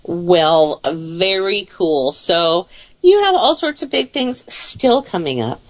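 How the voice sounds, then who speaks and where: A woman's voice: on the low side, sing-song. A woman from the Pacific Northwest with a Seattle-area accent, hosting a radio show in a playful, teasing banter. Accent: Seattle-area American English. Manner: teasing, playful, quick to laugh. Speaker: radio host.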